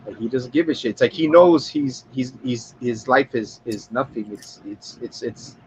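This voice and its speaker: A man casually retelling a film scene for a podcast, rambling and profane, stumbling over words and jumping into high voices to act out characters. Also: normal speed, a little mellow, lo-fi sound, a little hiss or hum. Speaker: podcast co-host. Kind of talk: casual film review chat.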